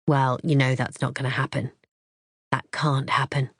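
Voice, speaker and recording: A woman reading an audiobook, voicing a grown man in a cold, clipped rage, low and scarily calm. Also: moderate pace, no room sound, clean studio sound. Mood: coldly furious. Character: furious boyfriend, grown man, cold and harsh. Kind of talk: audiobook character voice.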